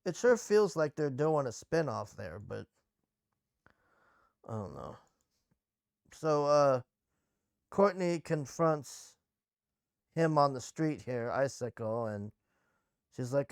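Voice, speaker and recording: A man's voice: mid-range voice, expressive, slow pace, vocal fry, pauses often, no room sound, studio quality. A man casually recapping and reviewing a TV episode, blunt and sarcastic, swearing freely.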